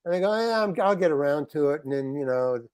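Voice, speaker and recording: A man being interviewed on a podcast, telling an anecdote with lively restarts and acted-out quotes of other people. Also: on the high side, fast talker, clear, resonant tone, no room sound, studio quality. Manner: animated, acts out other people's lines in quotes, frequent restarts. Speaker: interview guest, actor. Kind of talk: anecdotal storytelling in a podcast chat.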